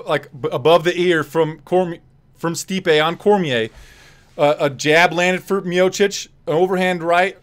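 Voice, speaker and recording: A man giving casual play-by-play fight commentary on a live stream, quick and loose with fillers and restarts. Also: high-pitched, a bit bright, clear, resonant tone.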